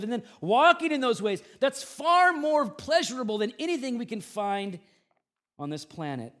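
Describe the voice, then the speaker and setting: Male pastor, high voice, animated sermon delivery, chatty storyteller with punchy loud bursts and soft drops. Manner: animated, swings between loud emphatic peaks and quiet asides; conversational storytelling with self-deprecating humor.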